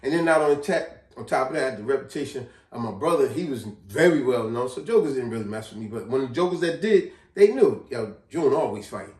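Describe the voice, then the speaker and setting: A man vlogging, telling a personal story in a casual, slangy, animated way. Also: medium pitch, fairly quick, hardly any pauses. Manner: animated, slangy, repeats himself. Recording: echoey room, distant mic.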